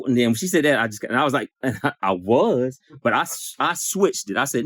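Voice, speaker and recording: Man, emotional personal storytelling, acts out the dialogue, swears, mid-pitched, dry close sound. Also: expressive, quick pace, few pauses, fairly bright tone, slightly rough, no echo. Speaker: support circle participant.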